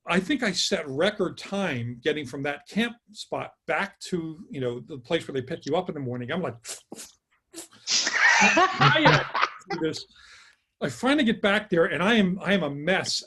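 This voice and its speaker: A man with a high, husky voice spins a campfire-style tale over a video call. He acts out every quote with animated energy and loose, chatty rhythm. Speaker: guest author. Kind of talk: casual storytelling.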